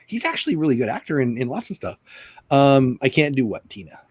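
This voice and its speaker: A middle-aged man hosting a casual livestream chat, joking and rambling with quick asides. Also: mid-range voice, big pitch swings, slightly rough, no echo. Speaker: livestream host.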